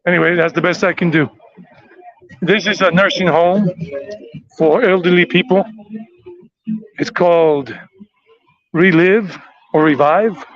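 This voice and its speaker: A man's voice: high-pitched, measured pace, pauses often, highs cut off. An American man giving a rambling, chatty walking tour outdoors on city streets. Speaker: tour vlogger.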